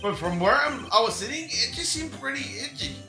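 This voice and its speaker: A man's voice: extremely high pitch, sing-song, a little fast, voice pushed up. Goofy tagalong buddy, a man reading him aloud. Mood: scheming. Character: goofy young man, the hero's tagalong friend. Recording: roomy echo with game music.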